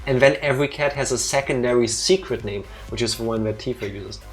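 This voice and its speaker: A woman with a Danish accent co-hosts a let's play, chatting casually over the gameplay in a playful, teasing way with theatrical asides. Her voice rumbles low and she talks fairly quickly.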